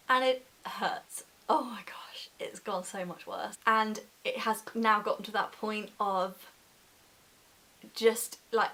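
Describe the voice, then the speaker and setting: A woman's voice: medium pitch, pushed and bright. A pregnant woman in her twenties chatting casually in a vlog update, giggling often and filling with "like", sometimes short of breath. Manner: chatty, giggly, lots of "like" fillers. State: pregnant, gets out of breath talking. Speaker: vlogger.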